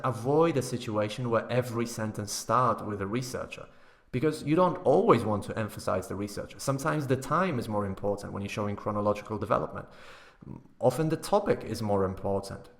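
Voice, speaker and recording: A man teaching academic writing in a recorded online course lecture, explaining step by step and often checking in with tag questions and fillers. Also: medium pitch.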